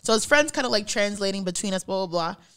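This young woman's mid-range voice is smooth and fairly bright, with lively intonation and a quick pace. As a podcast co-host, she tells a story casually, laughing often and mimicking the voices of the people involved.

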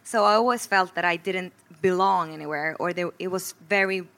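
A woman from Sweden speaks on a discussion panel. Her voice is bright and clear, and she talks in a reflective, hesitant way with frequent fillers. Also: lowish voice, normal speed. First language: Swedish. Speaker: actor.

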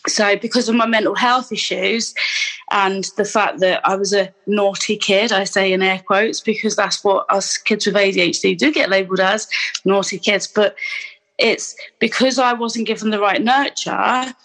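A woman's voice: medium pitch, steady tone, moderate pace, fairly bright tone, low-quality recording. A woman, telling her personal story in an interview in a candid, rambling way with many restarts and asides. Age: 30s. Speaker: guest.

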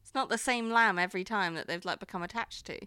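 A woman's voice: medium pitch, fast talker, sharp tone, smooth, dry recording, clean studio sound. A woman chatting casually, reacting with wry asides. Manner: wry, chatty listener, frequent laughs and asides. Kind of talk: casual podcast chat.

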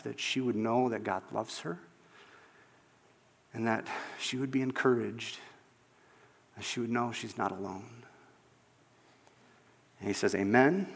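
A man preaching a sermon, telling a story and acting out its voices, dropping to a hush at the end. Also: medium pitch, vocal fry, slightly rough, big-room sound.

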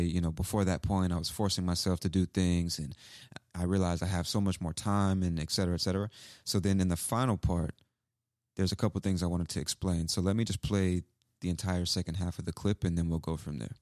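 Deep-voiced man teaching English phrases. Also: steady tone, a little fast, darkish tone, no room sound, studio quality. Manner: casual, repeats examples, acts out sample lines. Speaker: English teacher, podcast host. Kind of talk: explaining phrases from a clip.

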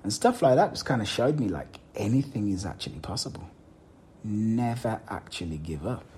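A man's voice: fairly low pitch, big pitch swings, moderate pace, mellow, slight background noise. A man hosting a motivational podcast, talking straight to the listener and repeating words for emphasis. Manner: addresses the listener directly. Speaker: podcast host.

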